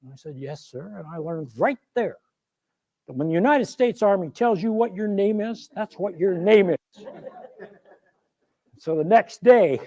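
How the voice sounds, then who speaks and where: A man's voice: high voice, animated, measured pace, long pauses, mellow, no echo, highs cut off, heavily acted. An actor playing an older Civil War general who recounts his youth in a wry, folksy, self-deprecating stage monologue. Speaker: performer of a one-man historical show.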